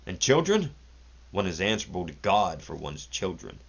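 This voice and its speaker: A man's voice: deep voice, sing-song, normal speed, vocal fry, slightly rough, lo-fi sound, heavily acted. A man reading aloud and voicing a timid, pious young raftsman who tells his story reluctantly. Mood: pleading. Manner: murmuring, reluctant, pleading.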